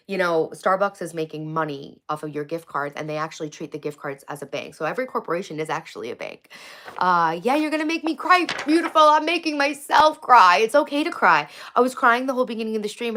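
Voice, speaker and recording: A woman's voice: low voice, a bit bright. A woman hosting a casual livestream, answering viewers' chat in a candid, rambling way, encouraging them and swearing freely. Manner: encouraging, affectionate toward viewers. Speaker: livestream host.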